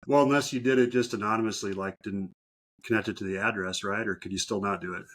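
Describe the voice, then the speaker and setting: A male podcast host chats with his guest at an easy pace. He tells anecdotes in a relaxed, conversational way. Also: on the low side, fast talker. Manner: relaxed storyteller, chatty. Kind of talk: casual interview chat.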